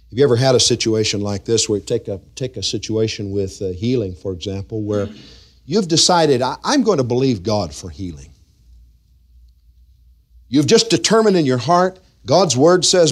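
A man preaching a sermon, dropping to quiet appeals, then rising to loud, high exhortation and slow, drawn-out scripture reading. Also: big pitch swings. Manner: reads scripture aloud in slow, drawn-out phrases.

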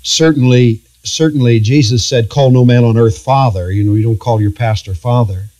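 A middle-aged man pastoring a church, preaching a sermon in an earnest, halting, confessional way with frequent restarts. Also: medium pitch, steady tone, dark tone.

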